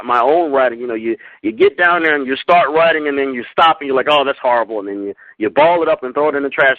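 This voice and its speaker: A friendly man hosts an online radio interview, nodding along with soft "mm-hmm"s and frequent laughs. His voice sounds dry and close, but dull and lo-fi, as from an online radio stream. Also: on the high side, no room sound. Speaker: radio show host. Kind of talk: casual interview talk.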